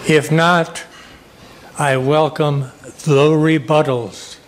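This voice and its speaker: Slow-talking man with a New Jersey accent. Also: on the high side, fairly even intonation, background noise. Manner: folksy, joking with the audience. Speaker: speaker leading a public debate. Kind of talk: public debate talk. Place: restaurant meeting room.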